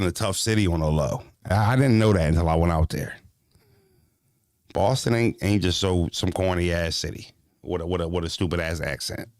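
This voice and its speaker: A man's voice: deep voice, creaky, no room sound, studio quality. A man hosting a livestream, telling stories in profane, slangy street talk and talking straight to his viewers. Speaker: livestream host. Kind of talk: casual livestream chat.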